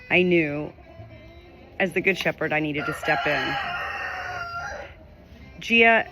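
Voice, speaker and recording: Speaking directly to the camera from her farm home, a middle-aged spiritual medium delivers a message in a low, slightly bright voice. She's earnest and rambling, and she keeps repeating her phrases.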